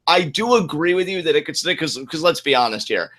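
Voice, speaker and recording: A man co-hosting a casual wrestling review podcast, animated and agreeable, talking in quick bursts of enthusiasm. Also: fairly high pitch. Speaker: podcast co-host.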